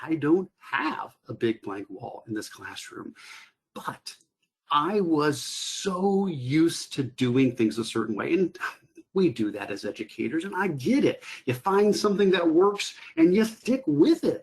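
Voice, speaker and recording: A male teacher tells a story from his own classroom, his voice a little husky and pitched somewhat high. He talks in an animated, personal way and acts out his past thoughts and reactions as he goes. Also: measured pace. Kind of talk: storytelling presentation.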